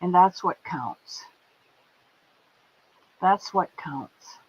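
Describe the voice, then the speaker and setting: Woman stream host, unhurried and doting, dull lo-fi audio. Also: fairly low pitch, expressive, husky. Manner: affectionate, calls viewers pet names. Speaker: livestream host. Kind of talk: casual chat greeting viewers and reading comments.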